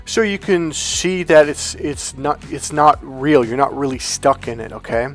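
A man hosting his own channel as a self-help coach, talking to camera in a relaxed, rambling way that keeps checking in with "okay?". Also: mid-range voice, a little slow, faint music behind. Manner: rambling and conversational, with restarts and "okay?" check-ins; calm, relaxed, comfortable delivery. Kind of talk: casual direct-to-camera talk.

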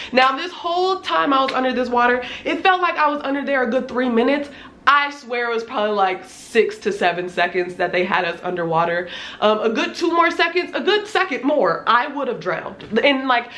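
A woman in her twenties, a little hoarse, retelling a scary experience in a casual, animated storytime vlog, swearing freely. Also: a little high, reverberant. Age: 20s. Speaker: vlogger.

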